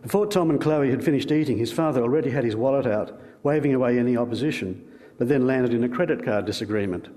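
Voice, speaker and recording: A man with an Australian accent reading a short story aloud in a measured, dry manner. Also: mid-range voice, warm tone, long reverb tail. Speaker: reader.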